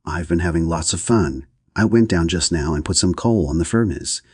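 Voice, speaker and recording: A man's voice: low voice, normal speed, a little mellow, breathy edge, no echo, studio quality. A man voicing a cheerful, carefree young woman who answers blithely. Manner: blithe, chirpy.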